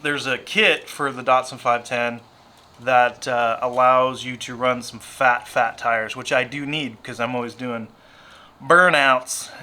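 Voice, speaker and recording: A man's voice: mid-range voice, bright, forceful tone. A married man with a Southern US accent, chatting casually about his diecast car collection, rambling and self-deprecating and going off on tangents. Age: adult, married. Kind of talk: casual chat.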